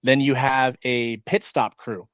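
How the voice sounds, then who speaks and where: A man who leads an insurance sales team talks casually on a video call, fast and nervous from caffeine, swearing often. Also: mid-range voice, steady tone, a bit bright, clear, resonant tone, no room sound, muffled recording. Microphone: video call microphone.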